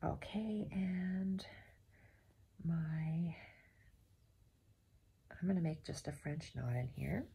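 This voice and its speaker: A woman giving a step-by-step embroidery tutorial at home, softly counting her stitches aloud and often dropping to a half-whisper. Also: low-pitched, animated, extremely slow, vocal fry, pauses often, slightly rough. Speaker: embroidery instructor.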